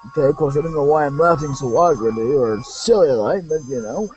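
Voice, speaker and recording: A man with a fairly high voice talks through a game he is playing. He rambles, corrects himself mid-sentence and wanders into asides. Faint game music sits underneath. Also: fairly quick, hardly any pauses, a little mellow, lo-fi sound. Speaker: let's play commentator. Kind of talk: casual gameplay commentary.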